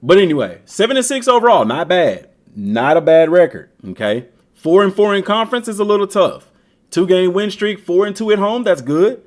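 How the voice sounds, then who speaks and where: A man's voice: high-pitched, moderate pace. A man streaming a video game, giving casual, slangy commentary and talking straight to the team. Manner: slangy, talks to the team directly, animated. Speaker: gaming streamer.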